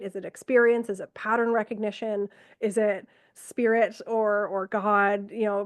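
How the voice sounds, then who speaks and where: A middle-aged woman, an ER nurse from Canada, telling stories from work in a lively conversational way, acting out what she and others said. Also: medium pitch, no room sound. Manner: animated, quotes herself and others, frequent fillers. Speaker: ER nurse, podcast guest. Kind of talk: conversational storytelling.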